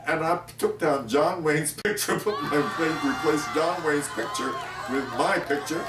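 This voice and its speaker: An older man, an actor, telling animated anecdotes in an interview. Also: fairly high pitch, unhurried, over loud music, a loud crowd. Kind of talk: storytelling in an interview. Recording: echoey room, mic at a distance, faint ambience.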